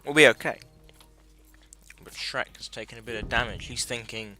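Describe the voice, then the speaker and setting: A man's voice: medium pitch, moderate pace, faint music behind. A man giving casual, sweary, rambling commentary while playing a video game, often stopping to correct himself. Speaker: gaming video host.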